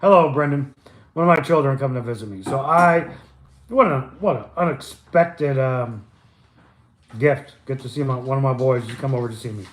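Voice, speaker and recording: A man's voice: mid-range voice, moderate pace, echoey room. An older man casually hosting a live stock chart stream from home, loose and chatty, wandering into stumbles and asides. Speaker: stock chart livestream host.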